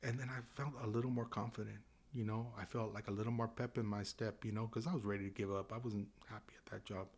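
A man in his fifties from Southern California tells his story as a podcast guest. His voice sits on the low side, and he slips in and out of the people in his story with lively acted lines. He keeps it loose and conversational. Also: fast talker, hardly any pauses. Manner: animated, acts out dialogue in changing voices. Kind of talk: casual storytelling.

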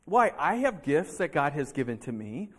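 A male pastor preaches a sermon in a church sanctuary, his husky voice sitting on the high side at a moderate pace. His delivery is animated as he acts out heated arguments between people, voicing their fiery quotes.

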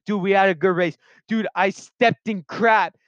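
High-voiced rambling young man. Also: fairly even intonation, measured pace, a bit bright, no room sound. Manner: rambling, self-interrupting, slangy. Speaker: vlogger telling personal stories. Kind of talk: rambling casual monologue. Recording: dull lo-fi sound.

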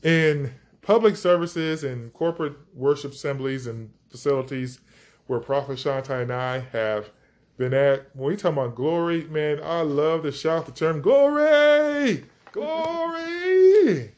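A man's voice: mid-range voice, fairly even intonation, moderate pace, darkish tone. A man teaching scripture on a podcast, enthusiastic, stretching out key words for emphasis. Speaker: preacher.

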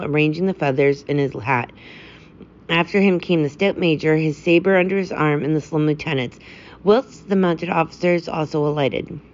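Low-voiced woman narrating a story. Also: muffled recording. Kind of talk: scripted narration.

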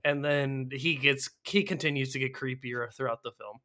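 A man co-hosting a casual, profane movie-review chat, animated and quick to laugh. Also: medium pitch. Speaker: podcast co-host.

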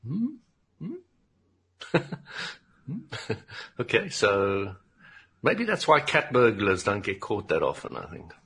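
A man's voice: on the low side, very animated, slow, long pauses, a bit bright, slightly rough. A man chatting casually as co-host in a joking, playful manner. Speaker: podcast co-host. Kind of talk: casual chat.

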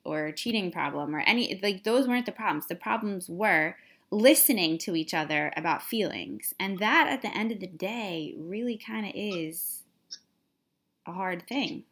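Candid, animated woman telling a story. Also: medium pitch, moderate pace. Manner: candid, animated storytelling, mimics her husband. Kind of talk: casual chat.

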